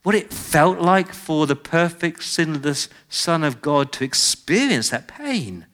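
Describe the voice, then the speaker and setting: Expressive male preacher, higher voice. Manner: expressive, dramatic shifts in pitch and loudness; slows down for emphasis on key phrases. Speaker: pastor. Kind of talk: sermon. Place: church.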